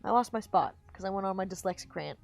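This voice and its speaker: A woman's voice: mid-range voice, fast, gravelly, soft background music. A woman streamer reading a book aloud and chatting casually with viewers, now and then rereading lines. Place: home streaming setup.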